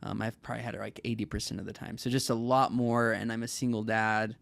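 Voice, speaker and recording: A man's voice: fairly low pitch, little pitch movement, fast talker, vocal fry, a bit bright, no room sound. Man speaking with a dry, close sound. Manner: rambling, many "like" fillers. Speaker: podcast guest. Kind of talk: casual conversation.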